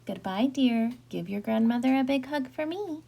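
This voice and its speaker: A woman voicing a caring mother who gives slow, gentle, rhyming warnings in a storybook reading. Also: high voice, animated, creaky, poor audio. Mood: fond. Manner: slow, gentle, singsong rhymes.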